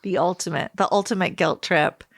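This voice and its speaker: A woman's voice: on the low side, steady tone, moderate pace, a little hiss or hum. A woman co-hosting a podcast, talking things through in a thoughtful, chatty way. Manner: thoughtful, chatty, laughs often. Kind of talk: casual chat.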